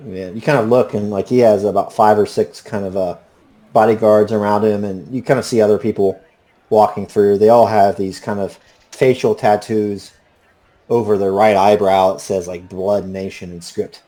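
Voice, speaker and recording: Male GM, relaxed, lowish voice. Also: normal speed. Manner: relaxed, many fillers. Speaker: game master. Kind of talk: narrating a tabletop game.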